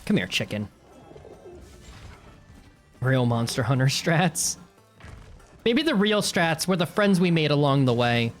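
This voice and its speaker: A woman streamer talks through her game in a lively voice that jumps all over the place, dropping to grumbles and then shrieking at the monsters. She swears freely. Faint music plays behind her. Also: low voice, unhurried, pauses often. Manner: swears a lot, yells at monsters; animated, swings from mutters to shrieks. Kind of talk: live gameplay commentary.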